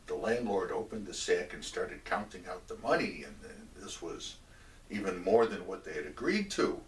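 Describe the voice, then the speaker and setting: A man telling a religious story in a measured way, stopping for asides to the listener. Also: fairly low pitch. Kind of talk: oral storytelling of a religious tale. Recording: roomy echo, mic at a distance.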